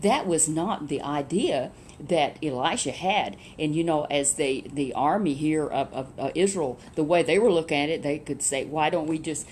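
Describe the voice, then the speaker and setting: A woman casually retelling a Bible story, chatty and animated, with many rhetorical questions. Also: low-pitched, normal speed, hardly any pauses, slight background noise.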